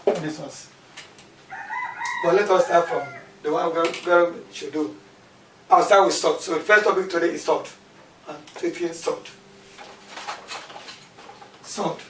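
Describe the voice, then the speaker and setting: His voice sits high with a fairly bright tone, and he teaches a little slowly, leaving long pauses. The man repeats key terms and asks questions aloud in a maths lesson, recorded from far off in an echoey room with faint background noise.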